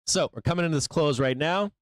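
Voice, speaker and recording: Brash trading host, smooth and dry, rambling, swears freely. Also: male voice, on the high side, no echo. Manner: blunt, profane, rambling. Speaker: live trading show host. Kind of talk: live market commentary.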